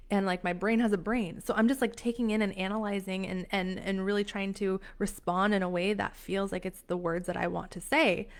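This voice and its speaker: Woman, young adult, motivational coach on a live stream; emphatic, gushing, restarts a lot, middle pitch. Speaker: empowerment coach hosting a live session.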